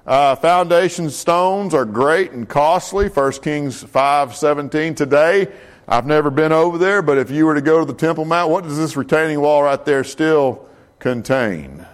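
A man teaching a Bible class in a relaxed, conversational way, with many fillers and self-corrections and questions put to the class. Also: on the high side, moderate pace. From United States. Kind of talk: casual Bible class lecture.

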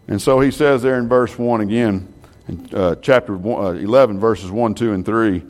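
A man preaching to a Bible class, animated and full of rhetorical questions. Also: fairly low pitch, normal speed.

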